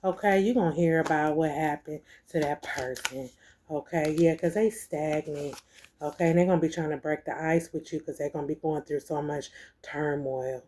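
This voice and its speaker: A woman's voice: sits low, fairly even intonation, moderate pace, a little mellow. A woman giving a spiritual tarot reading to viewers, emphatic and profane, repeating herself and calling listeners baby and collective. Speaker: tarot reader.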